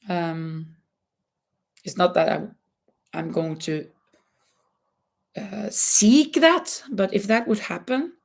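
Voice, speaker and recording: A woman hosting a casual crochet chat, talking loosely with many fillers and restarts, her voice cracking now and then. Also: medium pitch. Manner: chatty, thinks aloud with many fillers and restarts. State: voice cracking, coughing. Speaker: livestream host.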